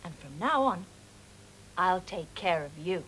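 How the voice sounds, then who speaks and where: A calm mother cat from a storybook, speaking low and slow with gracious thanks, as a woman puts her on. Her tone stays measured. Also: slight background noise, poor audio.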